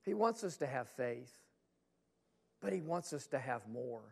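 Gravelly-voiced man preaching a sermon. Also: mid-range voice, animated, a little slow. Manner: dynamic preaching, swelling loud then dropping to hushed asides; rhetorical questions to the congregation. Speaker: pastor. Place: church sanctuary.

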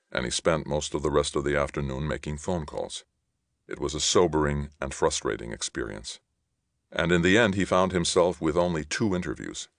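Male audiobook narrator: very low, gravelly, animated storyteller, dry booth sound. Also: dry recording. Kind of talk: scripted narration.

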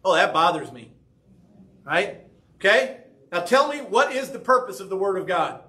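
A man's voice: high-pitched, sing-song, normal speed, sharp tone. A man preaching a sermon as pastor, talking conversationally and often checking in with "right?" and "okay?". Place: church sanctuary.

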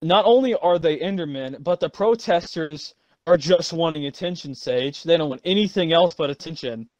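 A man's voice: a little high, moderate pace, a little mellow, dry recording, lo-fi sound. A man reading game reviews aloud with friends over voice chat, laughing and incredulous. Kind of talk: casual voice-chat banter. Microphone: voice chat mic.

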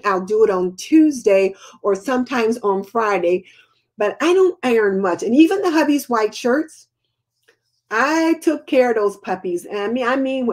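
An older woman, chatting casually as host of a live homemaking Q&A and answering viewer comments. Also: on the high side.

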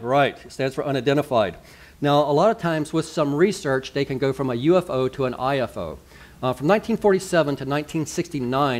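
A man's voice: medium pitch, darkish tone. A man, a pastor giving a sermon in a chatty, conversational way, full of asides and rhetorical questions.

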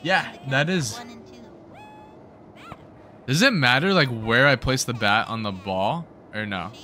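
A young man hosting a gaming video, giving excited let's-play commentary and cheering his team on with slangy outbursts. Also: mid-range voice, takes it slowly. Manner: hyped, yelling at the game, slangy.

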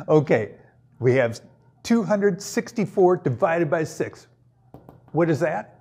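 A man's voice: a little high, expressive, slow pace, pauses often, warm tone, faint music behind. A man teaching a playful math lesson, cracking jokes and breaking into sing-song bits between steps. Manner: goofy, jokey, sings and puts on silly voices.

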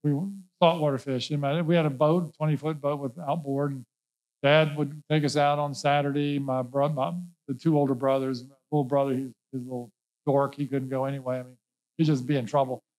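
A man's voice: mid-range voice, level tone, a little fast, a little mellow, low-quality recording. A male pastor preaching a sermon, emphatic and folksy, repeating key words and mixing in casual asides. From Norfolk, Virginia.

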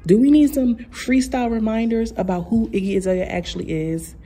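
A woman's voice: fairly high pitch, lively intonation, fairly quick, dark tone, slightly rough. A woman giving casual opinion commentary in a sassy, blunt way, talking straight to her viewers. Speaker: commentary vlogger.

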